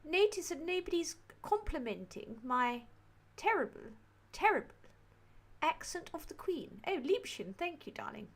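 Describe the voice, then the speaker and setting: A stately, plummy old queen, her voice pitched very high and swooping grandly up and down. She speaks in an exaggerated posh upper-class English accent and draws out every word at a slow, regal pace. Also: sing-song, exaggerated voice. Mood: mock-regal. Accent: posh upper-class English put on. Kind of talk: livestream impression.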